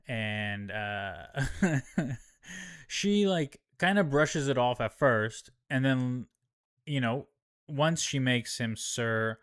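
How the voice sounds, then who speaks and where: A man's voice: medium pitch, fairly bright tone, clean tone, no echo, studio quality. A man casually recapping a TV episode, slangy and profane, rambling with lots of fillers. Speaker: show host.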